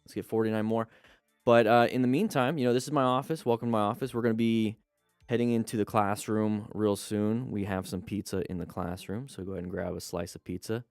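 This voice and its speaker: A man's voice: lowish voice, steady tone, fairly quick, no room sound, clean studio sound, faint music behind. A man hosting a casual live stream, chatting to viewers and greeting them as he reads their comments. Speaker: live stream host and riding instructor.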